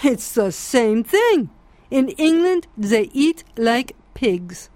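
A woman voicing a scornful, opinionated middle-aged Frenchman, speaking slowly and emphatically with sarcasm. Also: very high voice, expressive, darkish tone, dry recording, exaggerated voice. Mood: sarcastic.

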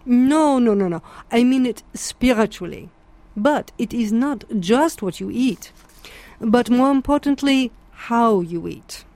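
A man's voice: extremely high pitch, lively intonation, darkish tone, dry recording, voice pushed up, exaggerated voice. A woman doing a scornful Frenchman. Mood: insistent. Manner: emphatic, drawn-out, sarcastic. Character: scornful opinionated middle-aged Frenchman.

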